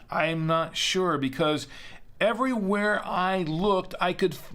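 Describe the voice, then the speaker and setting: A man's voice: a little high, fairly bright tone. A man hosting a casual live-stream wine show, chatty and self-deprecating, rambling with lots of fillers.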